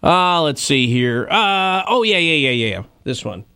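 A man's voice: fairly high pitch, very animated, a little slow, bright, forceful tone, clean tone, no echo. Joking man in his thirties. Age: 30s. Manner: joking, rambling with fillers and asides. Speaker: host. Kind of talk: casual comedic news chat.

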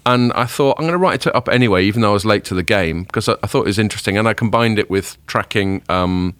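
A man hosting a podcast in casual chat, rambling and self-deprecating, a little hungover and rough-voiced. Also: fairly low pitch, fast, fairly bright tone, no room sound. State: hungover, voice a bit deeper than usual. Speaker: podcast host.

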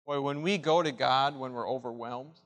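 A male preacher delivers a sermon with real passion, swinging from near-whispers up to strong, loud calls. His voice has a bright, forceful edge. It rings out with the long reverb of a large hall. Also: mid-range voice, normal speed. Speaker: pastor.

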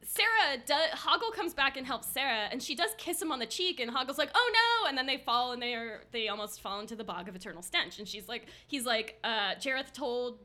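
A young woman co-hosting a casual podcast, retelling a film plot in an animated way and laughing often. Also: on the high side, fairly quick, few pauses. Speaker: podcast co-host recapping a film. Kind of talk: casual chat.

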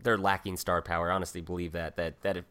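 A man hosting a casual interview show, relaxed, laughing often and repeating words as he gets going. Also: low-pitched, fast, clear, resonant tone. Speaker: podcast host.

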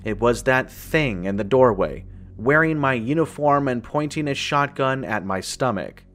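A man's voice: medium pitch, lively intonation, measured pace, fairly bright tone. Man narrating a horror story. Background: faint music.

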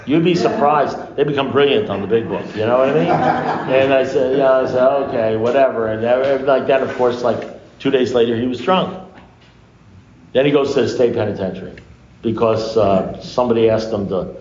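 A man speaking to a recovery meeting, telling a long story in an animated way, acting out the dialogue and swearing freely. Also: mid-range voice, fairly quick, a crowd in the background. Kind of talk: storytelling talk to an audience. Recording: echoey room, dull lo-fi sound.

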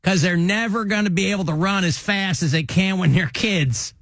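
A man's voice: high-pitched, normal speed, a bit bright, no echo, studio quality, pitched above the performer's own voice. A man putting on a blunt, preachy older Chicago cop giving street-safety lectures with a Chicago accent. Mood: earnest.

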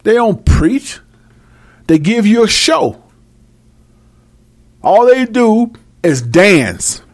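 A man giving a freewheeling, profane Bible commentary, brash and mocking, swinging between loud outbursts and low mutters. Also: sing-song, drawn-out words. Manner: brash, mocking and full of cursing. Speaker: self-styled preacher.

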